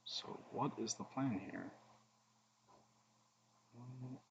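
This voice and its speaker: A man's voice: mid-range voice, very slow, vocal fry, muffled recording, a little hiss or hum. A man streaming a card game, thinking aloud between plays, humming and muttering, with joking asides to his chat. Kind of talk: casual gameplay commentary.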